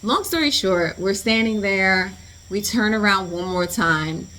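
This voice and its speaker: A woman vlogger tells a storytime in a chatty, animated way, her voice at a middle pitch for a woman. She talks in slang, drops "like" everywhere, and turns to the viewer with asides. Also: a little slow. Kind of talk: storytime vlog.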